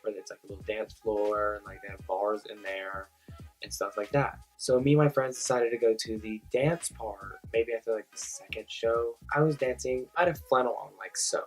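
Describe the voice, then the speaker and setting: Brief: young male vlogger, slightly husky, lively casual storytelling with soft music behind. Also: on the low side, moderate pace, rough recording. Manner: animated storytelling, heavy "like" filler.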